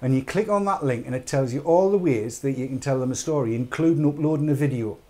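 A man's voice: medium pitch, quick pace, warm tone. A British man hosting a live online chat show, rambling and urging viewers on with jokey asides. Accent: British English.

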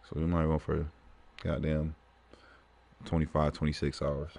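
Deep, gravelly male livestreamer. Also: a little slow. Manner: profane, laughing, animated storytelling. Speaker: gaming livestreamer. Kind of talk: casual livestream commentary.

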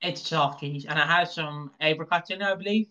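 A man's voice: a little high, a little fast, sharp tone. A man co-hosting a podcast, chatting casually about a soap opera in a rambling, jokey way that often stumbles over his words. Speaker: podcast co-host. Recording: dull lo-fi mic.

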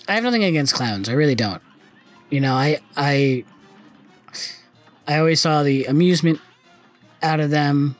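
A man's voice: fairly high pitch, lively intonation, moderate pace, long pauses, faint music behind. Young man swearing through gameplay. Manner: frustrated, swearing, muttering. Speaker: gameplay commentator. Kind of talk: casual gameplay commentary.

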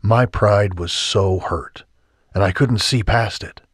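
A man's voice: fairly low pitch, slow, husky, no echo, studio quality. A man voicing an earnest, remorseful young man in an audiobook romance, speaking with emphasis.

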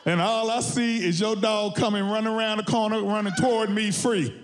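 A man from Texas doing a stand-up comedy set on stage, telling stories with animated shouted punchlines. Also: high-pitched, a little fast. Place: studio stage with a live audience.

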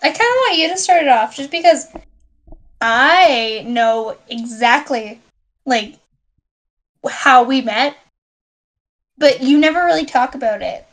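Casting: young female podcast co-host, slightly high voice, easygoing and teasing. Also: expressive, slow pace, pauses often. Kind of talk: casual chat.

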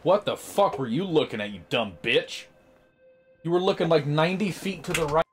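A young man in casual gaming chat with friends, excitable and swearing at the game over headset voice chat. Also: on the high side, moderate pace, faint music behind. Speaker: gamer.

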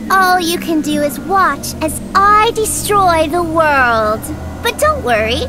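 An actress playing a wicked sorceress villain in a game cutscene, theatrical and menacing, with music behind. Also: female voice, extremely high pitch, lively intonation, slow pace, background noise, heavily acted. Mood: gloating. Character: wicked sorceress woman, gloating world-destroying villain.

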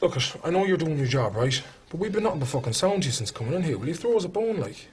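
An actor playing a brash, scheming young Irish job seeker, talking in thick rural slang. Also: male voice, a little high, big pitch swings, fast, slight background noise. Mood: cocky. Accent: Irish, Mayo.

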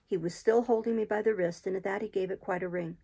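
A woman reading a classic adventure novel aloud as an audiobook in a steady, unhurried storytelling manner. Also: mid-range voice, breathy edge, rough recording. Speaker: audiobook reader.

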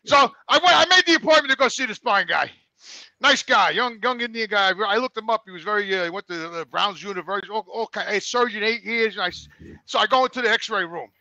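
A man in his sixties tells a rambling story, his voice high and bright. The sound is dry, with no room around it, and he acts out each exchange, his voice rising and cracking with laughter. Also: fast talker, no room sound. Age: 60s. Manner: animated, acts out dialogue, grows loud and laughing. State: sore back, a bit out of breath. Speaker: regular panelist. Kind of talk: casual storytelling on a podcast.

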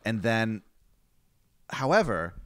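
A man from the Mid-Atlantic US chatting casually as a podcast guest, jokey and animated. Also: on the low side, slow, smooth. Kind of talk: casual chat.

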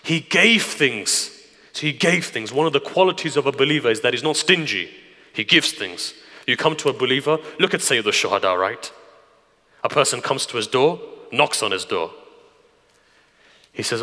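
Bright-voiced preacher in a reverberant hall. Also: male voice, medium pitch, lively intonation, moderate pace, pauses often. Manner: storytelling, swings from hushed near-whisper to raised emphatic. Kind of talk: Muharram night sermon. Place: community centre hall.

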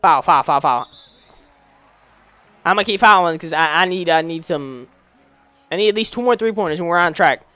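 Young guy hyped up narrating his basketball game, high bright voice, dry mic, lil music under it. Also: brisk, clean tone, no room sound. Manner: excited, slangy, talks to the game as he plays. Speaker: gaming YouTuber. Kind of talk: casual gameplay commentary.

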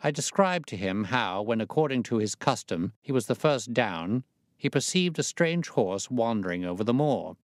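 A man reading the part of a sharp, confident male detective, crisp and faintly amused. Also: medium pitch, animated, moderate pace, dry recording, clean studio sound, lightly acted.

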